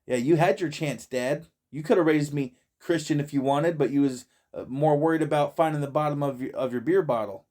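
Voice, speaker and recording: A man's voice: fairly high pitch, brisk, few pauses, darkish tone. A man in a friend's shed talking casually, stumbling over and repeating words, swearing freely and laughing often. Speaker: vlogger reacting to a video. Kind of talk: casual profane monologue.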